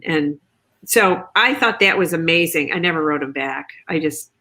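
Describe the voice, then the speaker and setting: A woman author chatting on a video call, telling stories in a lively way and acting out quoted lines. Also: low-pitched, moderate pace. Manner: chatty, animated storytelling with quoted asides. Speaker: author guest. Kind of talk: casual video chat.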